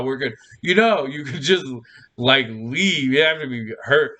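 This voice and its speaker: Male stream host, mid-pitched, slow and rambling, playful with his chat, laughs a lot. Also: lively intonation, pushed and bright. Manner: rambling, restarts, laughs often, upbeat and playful. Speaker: livestream host. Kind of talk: casual livestream chat with viewers.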